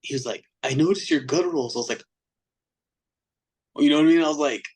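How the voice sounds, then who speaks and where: A man's voice: fairly high pitch, brisk, husky, poor audio. A man, a metal band vocalist, chatting casually as a podcast guest and telling a story with lots of slang, acting out what people said. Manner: animated, slangy, acts out quotes in other voices.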